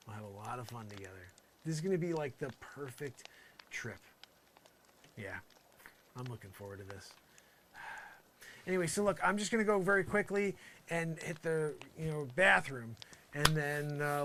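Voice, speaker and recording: A man delivering an improvised comic monologue in a rambling, mock-earnest way, full of "you know" fillers, swinging between loud outbursts and muttered asides. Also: on the high side, a little hiss or hum. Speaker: comedy vlogger.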